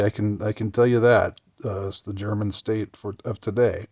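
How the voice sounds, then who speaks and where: Low-voiced sarcastic male commentator. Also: fairly even intonation, darkish tone, no room sound, clean studio sound. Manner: sarcastic, halting, many restarts. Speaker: commentary vlogger. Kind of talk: political commentary vlog.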